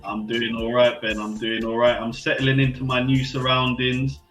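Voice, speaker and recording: A man's voice: mid-range voice, completely flat delivery, moderate pace, fairly bright tone, faint music behind. A man chatting casually and upbeat as a co-host. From London. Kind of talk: casual chat. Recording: echoey room, far from mic.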